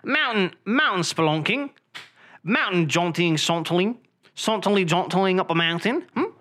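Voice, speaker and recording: A man's voice: sits high, animated, moderate pace, bright, forceful tone. A man doing a playful put-on British accent as a jolly young Brit. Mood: chirpy. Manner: chirpy, playful, sing-song.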